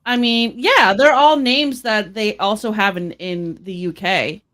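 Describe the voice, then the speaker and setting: Female podcast co-host from Boston; chatty, filler-heavy, bright and forward tone. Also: mid-range voice, unhurried. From Boston, United States. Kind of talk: casual chat.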